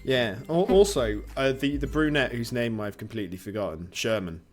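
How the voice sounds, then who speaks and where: A man's voice: medium pitch, animated, normal speed, soft background music. A man streaming a dating game with friends, reading it aloud and rambling between laughs, swearing casually. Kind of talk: casual let's-play banter.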